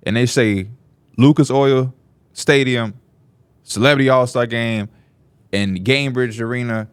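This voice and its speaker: A man with a clean tone speaks at a measured pace on a dry recording. Telling stories casually as a podcast co-host, he stays animated and plays out quoted voices through large pitch jumps.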